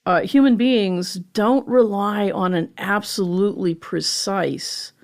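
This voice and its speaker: A woman, a professor explaining linguistics in a lively conversational way and often asking "right?". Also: medium pitch. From Pittsburgh, USA. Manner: animated and chatty, explains with rhetorical "right?" and quick laughs. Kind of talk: conversational lecture in an interview.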